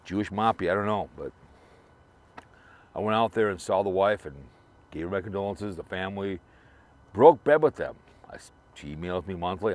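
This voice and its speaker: Low-voiced man rambling while driving. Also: animated, normal speed, long pauses, darkish tone. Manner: rambling, repetitive, restarts a lot. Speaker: vlogger remembering a late fellow creator. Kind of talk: casual rambling monologue.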